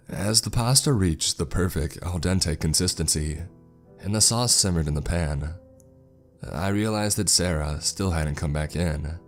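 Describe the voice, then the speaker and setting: A man narrating a first-person horror story in a slow, somber, scripted way. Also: low voice. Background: faint background music.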